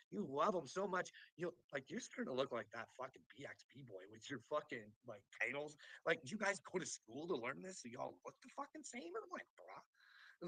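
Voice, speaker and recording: A man's voice: medium pitch, a bit bright, breathy edge, no echo, low-quality recording. A man ranting on a livestream, profane and mocking, who keeps breaking into laughter. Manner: profane, mocking, laughs often between lines. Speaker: live streamer. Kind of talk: rambling livestream rant.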